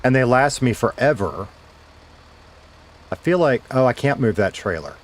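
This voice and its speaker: A man's voice: medium pitch, very animated, moderate pace. A middle-aged man, a former radio DJ, casually chatting with viewers while streaming a game, laid-back and swearing now and then.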